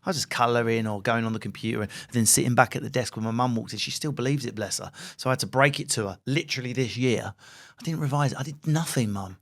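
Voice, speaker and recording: A man in his forties from England, a comedian guest telling lively anecdotes with plenty of swearing in a podcast interview. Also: medium pitch, fast talker, vocal fry, few pauses. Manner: animated, sweary anecdotal storyteller.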